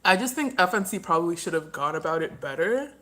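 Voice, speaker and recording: A woman's voice: lowish voice, animated, fast, bright, forceful tone. A woman hosting a casual livestream, rambling through her opinions and talking while she eats. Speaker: livestream host.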